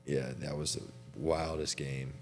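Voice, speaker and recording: A man's voice: rumbling low, flat delivery, a little slow, a little mellow, faint music behind. A young man hosting a casual chat with a teammate, laid-back and chatty, laughing often and saying "dude" a lot. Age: young adult. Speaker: podcast host and college basketball player.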